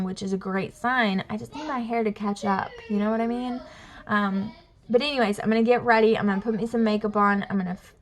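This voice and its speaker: A young family vlogger from Alabama in the US South chats casually to camera at home with a Southern drawl. She rambles, full of fillers and "y'all". Her voice is mid-range and a bit bright.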